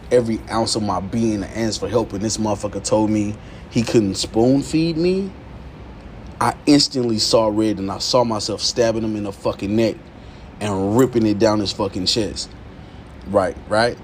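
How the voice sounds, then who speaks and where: A man hosting a podcast, talking in a candid, profane, confessional monologue that swings from low murmurs to heated outbursts. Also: darkish tone, a little hiss or hum. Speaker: podcast host.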